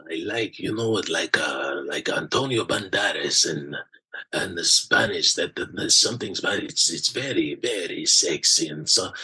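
An excitable middle-aged man chatting in an interview, his voice bright and forceful. He stumbles through restarts and keeps sliding into other people's voices as he talks. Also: on the low side, breathy edge. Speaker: impressionist guest.

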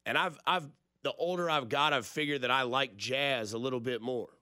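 A man's voice: medium pitch, normal speed, pushed and bright, no room sound, studio quality. A man, hosting a sports radio show in a rambling, jokey storytelling way. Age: 30s. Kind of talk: casual radio talk.

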